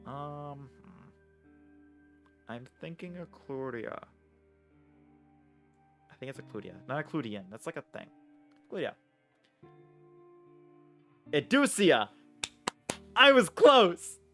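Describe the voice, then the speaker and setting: A male streamer playing a game live, reading the text aloud and muttering and swearing as he thinks out loud. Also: a little high, big pitch swings, slow, long pauses, soft background music.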